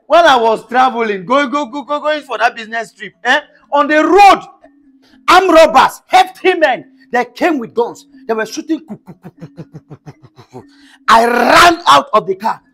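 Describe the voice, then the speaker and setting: A man acting a panicked, shouting husband who has lost his car in a comedy skit. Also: very high-pitched, animated, moderate pace, full character voice. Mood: boastful storytelling. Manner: frantic, shouting, exclamatory.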